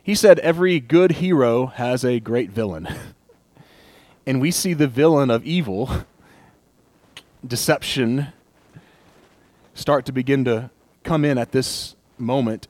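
Young male pastor, animated, slips into acted inner voices, dry close mic. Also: medium pitch, no echo. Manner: animated, laughs often, acts out inner voices. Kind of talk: casual sermon.

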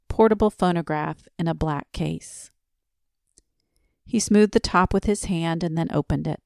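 Bedtime story reader, soft and slow, lower woman's voice with fry. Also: no echo, clean studio sound. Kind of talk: slow quiet sleep story narration.

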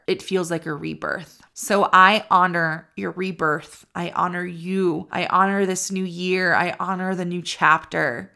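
A woman's voice: mid-range voice, creaky, bright, forceful tone. A woman hosting her own podcast, talking in an encouraging, candid way and swearing casually. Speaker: podcast host. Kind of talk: motivational podcast talk.

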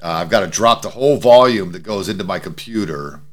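A man co-hosts a podcast from his home studio, chatting loosely, swearing freely and laughing often. His low voice is expressive and brisk, picked up by a studio mic with a mixing board and headphones.

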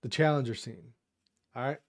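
A young man giving a profane, heated esports rant, repeating himself and dropping to quiet asides. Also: medium pitch, moderate pace. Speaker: esports commentator. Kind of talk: ranting casual commentary.

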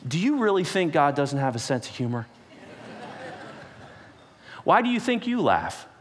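A man preaching a sermon, telling the story with animated energy and acting out the characters with sudden jumps in pitch. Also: measured pace, big-room sound, a faint crowd, a little hiss or hum. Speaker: pastor.

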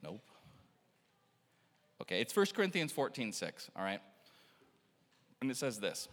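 A man preaching an animated sermon, telling stories, acting out quotes and laughing often. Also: mid-range voice, measured pace, pauses often, big-room sound. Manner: excitable, laughing, acts out quotes. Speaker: pastor.

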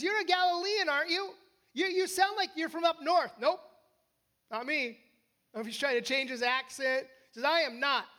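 Conversational American preacher, high voice. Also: fairly bright tone. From United States. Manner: conversational, frequent tag questions and restarts. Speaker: pastor. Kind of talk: sermon.

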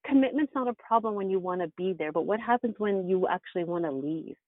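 A woman's voice: mid-range voice, expressive, fast, no room sound. A woman guest in an interview, telling her life story in an earnest, reflective way. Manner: earnest and reflective, with bursts of laughter. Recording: tinny phone-like line, dry.

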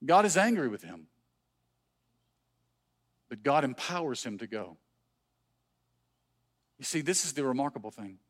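A man's voice: medium pitch, big pitch swings, unhurried, pauses often. A man preaching a sermon as pastor, earnest, with rhetorical questions and repeated phrases. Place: church.

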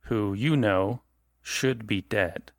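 A man serves as game master, narrating a horror tabletop game in a relaxed, conversational way and often rephrasing mid-sentence. His voice sits somewhat low, and the recording is dry and close. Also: slow pace, no echo.

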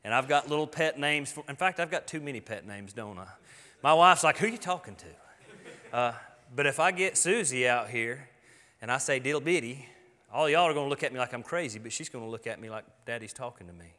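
A man's voice: mid-range voice, expressive, a little fast, pushed and bright. Man, pastor, earnest folksy preaching, long church reverb. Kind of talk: sermon. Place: church sanctuary.

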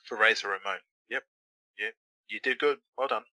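A man's voice: lowish voice, moderate pace, bright, forceful tone, dry recording, low-quality recording. A man co-hosting a wrestling watch-along, teasing his friend with crude, mocking, profane banter.

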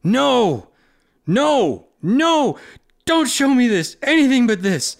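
A woman's voice: a little high, big pitch swings, slow, gravelly, voice pushed up, full character voice. A man voicing an anguished young mother who screams and pleads in a read-aloud story. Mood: frantic.

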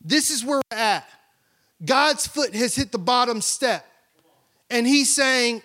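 A man's voice: very high voice, slow pace, pushed and bright. A middle-aged male pastor preaching a sermon, telling family stories and acting out their voices. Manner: storytelling, acts out family voices.

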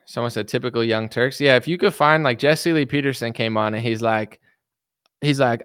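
Rambling young man with a smooth voice. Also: medium pitch, fairly even intonation, brisk, a bit bright, no room sound, studio quality. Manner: rambling, many fillers, mimics others mockingly. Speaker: political commentary streamer. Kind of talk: casual livestream chat.

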